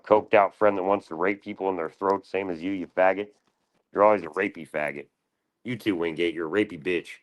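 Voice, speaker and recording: A man with a fairly low voice hosts a livestream, firing off taunts and swearing at a rival in rough, heated banter. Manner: taunting, profane trash talk. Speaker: livestream host.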